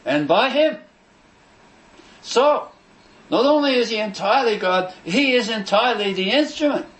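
A man preaching a sermon, emphatic and declamatory, repeating phrases for stress and pausing between them. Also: extremely high pitch, lively intonation, a bit bright, poor audio. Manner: measured, declamatory delivery with pauses between phrases.

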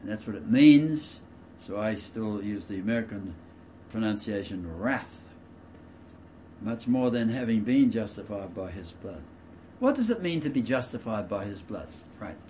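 A man preaching a verse-by-verse sermon. He stresses key words loudly, drops into quiet asides, and explains with everyday examples. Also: on the low side, lively intonation, normal speed, a little hiss or hum. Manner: emphatic, swings between loud stresses and quiet asides. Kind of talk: expository sermon.

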